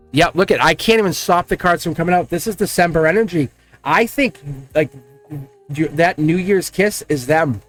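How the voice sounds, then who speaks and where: A man giving a casual, rambling tarot reading, talking excitedly and directly to the viewer. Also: a little high. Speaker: tarot card reader.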